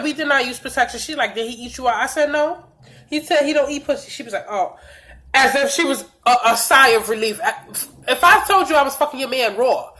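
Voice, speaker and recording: A young woman telling a blunt, profane storytime vlog with lots of animated retelling of dialogue, a little stuffy from allergies. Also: on the high side. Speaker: vlogger.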